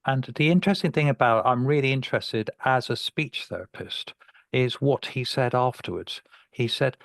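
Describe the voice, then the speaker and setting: A man's voice: mid-range voice, vocal fry, no room sound. Earnest male speech therapist on a call. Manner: earnest, restarts words often. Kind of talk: webinar discussion. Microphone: video call.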